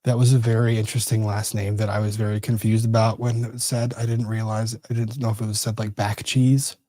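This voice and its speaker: A man's voice: lowish voice, level tone, brisk, warm tone, no echo, studio quality. A man hosting a casual legal commentary livestream, rambling and easily sidetracked. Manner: rambling, easily distracted, self-interrupting. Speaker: livestream host.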